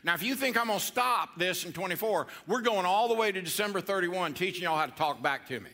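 Pastor guy, high bright voice, joking around and getting the church to talk back. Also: expressive, fast. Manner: playful, coaxing the congregation to respond. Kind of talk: interactive sermon. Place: church before a congregation.

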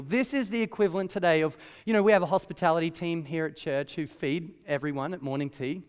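High-voiced preacher in a hall. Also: male voice, fairly quick, few pauses, clean tone. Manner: conversational, animated storytelling with asides. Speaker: pastor. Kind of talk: sermon. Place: church hall.

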